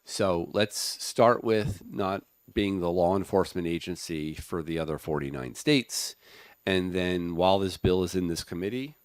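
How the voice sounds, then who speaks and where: Low-voiced man testifying, losing his voice. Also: dry recording. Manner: halting, restarts often. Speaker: legislator testifying. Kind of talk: committee testimony. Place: legislative hearing room.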